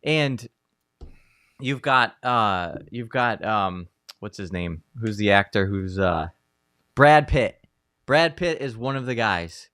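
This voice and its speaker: Animated storytelling man, dry close sound. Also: fairly low pitch, slow pace, clear, resonant tone, dry recording. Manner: animated storytelling, many fillers and restarts. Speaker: co-host, Catholic psychologist. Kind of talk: casual conversational commentary.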